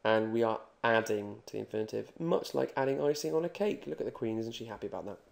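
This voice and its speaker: A man teaching Spanish grammar in a video lesson, joking and reassuring as he repeats examples slowly. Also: on the low side, vocal fry.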